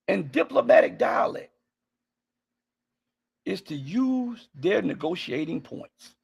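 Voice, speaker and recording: This high, husky man speaks with vocal fry as he delivers heated political commentary on a live stream. He fires off rhetorical questions, repeats himself, and often breaks into shouting.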